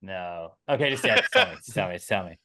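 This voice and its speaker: A man in his thirties co-hosting a podcast, rambling casually, swearing, and speeding up in animated bursts. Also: low-pitched, quick pace. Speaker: podcast co-host. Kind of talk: casual chat.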